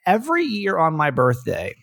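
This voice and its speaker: Gravelly self-deprecating man chatting. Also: fairly high pitch, wildly swooping pitch, normal speed, a bit bright, no echo, clean studio sound. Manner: rambling, self-deprecating, with frequent restarts. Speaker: radio host. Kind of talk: casual chat.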